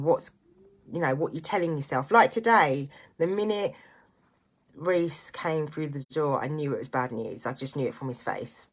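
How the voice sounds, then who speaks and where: Low-voiced earnest woman vlogging. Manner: earnest, reflective, motivational. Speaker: vlogger and single parent. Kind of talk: candid personal vlog monologue.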